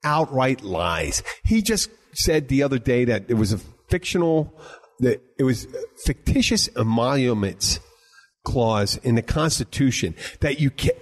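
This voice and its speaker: Rambling, animated male bartender host. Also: mid-range voice, a little slow. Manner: rambling, animated storytelling with frequent restarts. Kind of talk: casual podcast chat.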